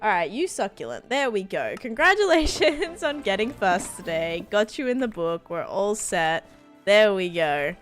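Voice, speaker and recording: A woman live streaming a game, excitedly thanking viewers and rambling through stories with lots of fillers. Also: mid-range voice, moderate pace, soft background music. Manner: rambling storytelling with many fillers. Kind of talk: casual live-stream chat while gaming.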